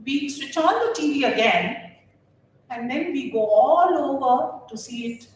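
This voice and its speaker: A woman's voice: high-pitched, unhurried, a little hiss or hum. Older woman, echoey distant speech. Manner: warm, animated storytelling with frequent laughter. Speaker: retired geography teacher. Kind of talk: reunion speech. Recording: very echoey room, voice far from mic.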